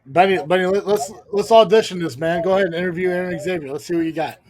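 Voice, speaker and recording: A man's voice: high-pitched, quick pace, darkish tone. Laid-back man hosting a podcast. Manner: laid-back, mutters asides under his breath. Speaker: podcast host and wrestling promoter. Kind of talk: casual podcast chat.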